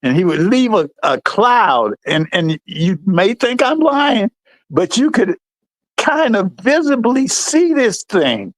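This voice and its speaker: A man's voice: slow, dry recording. A middle-aged American man hosting a livestream, telling service stories and acting out the people in them. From United States. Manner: animated, acts out quotes in a higher voice. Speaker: livestream host. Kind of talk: storytelling chat.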